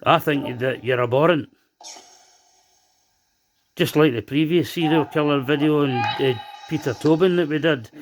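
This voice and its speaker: A man with a fairly high voice, running a ghost-hunting session and firing stern, accusing questions at the spirit. Faint noise and clicks sit behind him. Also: unhurried, pauses often. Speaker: paranormal investigator host.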